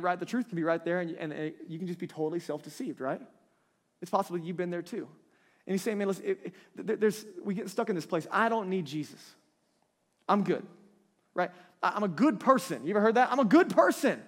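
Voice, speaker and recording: A man in his thirties preaches in a loose, conversational way, often breaking into light laughter. His voice sits fairly high for a man. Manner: conversational, animated, laughs between points. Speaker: pastor. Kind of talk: sermon.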